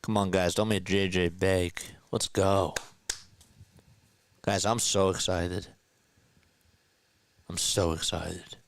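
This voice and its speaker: A hyped-up man running a live fan play-by-play stream, chatting with his viewers and calling each pitch. His voice is smooth and resonant, recorded close and dry with no room sound. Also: level tone, takes it slowly, pauses often, no room sound.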